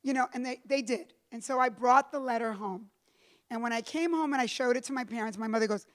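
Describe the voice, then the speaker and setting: A middle-aged woman giving a storytelling talk to a live audience, animated, acting out the voices she quotes and slipping in Spanish phrases. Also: a little high, a little fast. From Cuba. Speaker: keynote speaker. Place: lecture room with a live audience.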